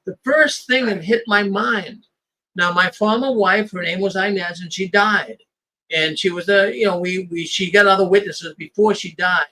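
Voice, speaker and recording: A man's voice: high-pitched, normal speed, bright, forceful tone, rough recording. A man, the host, talking in a casual conversation, emphatic and often repeating his first words.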